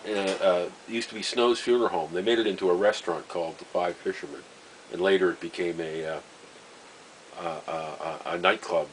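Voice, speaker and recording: A man, telling a personal story in a rambling, halting way, full of fillers and wry chuckles. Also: on the low side, a bit bright, a little hiss or hum, rough recording. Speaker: vlogger. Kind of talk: casual storytelling monologue.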